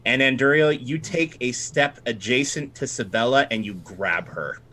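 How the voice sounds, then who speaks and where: Bright guy dm, quick and animated, voice jumps around a lot. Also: mid-range voice. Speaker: dungeon master. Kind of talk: narrating a tabletop game.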